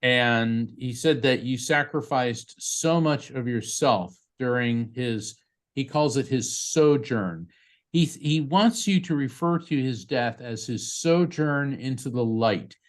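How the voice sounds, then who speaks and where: A man working as a psychic medium, giving a live reading to a grieving parent over a video call in a chatty, halting way full of fillers and restarts. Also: mid-range voice.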